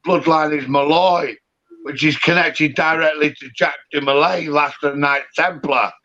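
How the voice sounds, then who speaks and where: A man, calling in to a live stream and rambling loudly in casual chat, swearing freely. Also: a little high, steady tone, normal speed. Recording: dull lo-fi audio.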